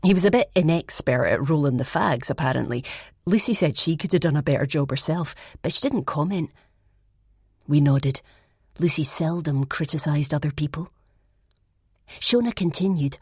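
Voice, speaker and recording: A woman narrating a first-person mystery audiobook in a measured storytelling manner. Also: low voice, a little mellow, breathy edge, no room sound, clean studio sound.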